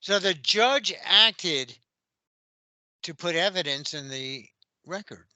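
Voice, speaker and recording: A male radio host with a high, very bright and sharp voice questions and sums up what his guest says. The sound is dry and close. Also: expressive, takes it slowly, no room sound. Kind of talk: interview questions.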